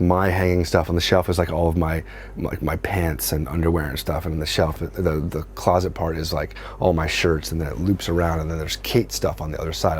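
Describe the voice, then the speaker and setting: A middle-aged man telling a comic personal story in a casual, animated way, swearing freely and acting out what people said. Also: low-pitched, slight background noise.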